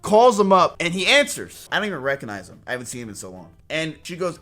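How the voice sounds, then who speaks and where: A man's voice: fairly high pitch, sing-song, fast, a bit bright, faint music behind. A man in his twenties casually telling a rambling story to his stream chat, swearing often. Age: 20s.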